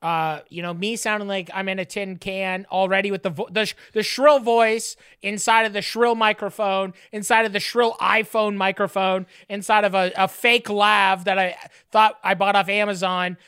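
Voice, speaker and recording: A man's voice: high-pitched, level tone, moderate pace, hardly any pauses, bright, forceful tone, smooth. A man co-hosting a casual podcast, teasing and profane, stumbling over his words at times. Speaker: podcast co-host.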